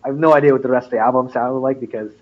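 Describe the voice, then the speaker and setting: A man rambles casually about nineties music, restarting sentences and leaning on "like" as he searches for his point. His mid-range voice keeps a steady tone at a rapid-fire pace, and the sound is lo-fi.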